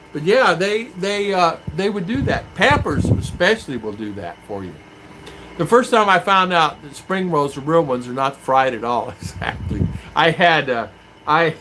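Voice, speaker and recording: A man in a casual live-stream chat, rambling as he reads out viewer comments and answers them. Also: on the high side. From United States. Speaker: vlogger. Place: home in the Philippines. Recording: clear clicking noise behind voice.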